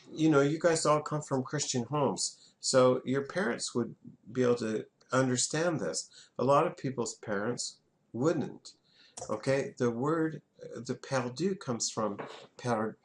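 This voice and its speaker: A man's voice: mid-range voice, animated, unhurried. A man, teaching a French class in a classroom and having students repeat words back.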